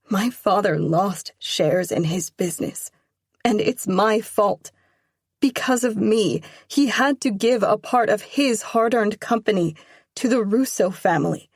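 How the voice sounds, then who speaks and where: A woman's voice: mid-range voice, vocal fry, a little mellow, husky, no echo, studio quality. A woman narrating a first-person romance audiobook, emotional and pleading in dialogue.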